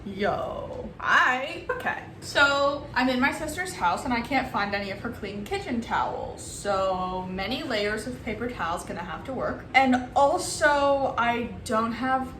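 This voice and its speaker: A woman's voice: on the high side, measured pace, hardly any pauses, reverberant, slight background noise, poor audio. A young woman vlogging herself baking at home, talking casually, nervous and joking at her own expense. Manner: nervous, self-mocking, excitable. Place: home kitchen.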